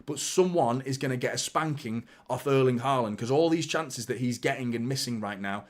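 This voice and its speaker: A man's voice: mid-range voice, fairly quick. A young man hosting a live football reaction stream, talking passionately, swearing freely and answering viewers' chat. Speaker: football fan channel host.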